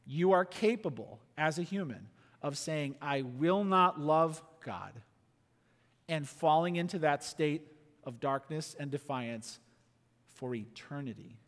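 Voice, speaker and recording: A man preaching a sermon in an earnest, emphatic way, often dropping to a quiet, intense tone. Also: on the high side, lively intonation, slow pace, in a large hall. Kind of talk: sermon teaching.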